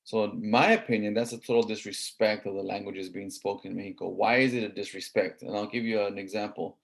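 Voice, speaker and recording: Low-voiced Southern Californian man lecturing. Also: fairly even intonation, fairly quick, creaky. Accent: Southern Californian English. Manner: conversational, many fillers and "right?" checks. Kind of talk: classroom lecture.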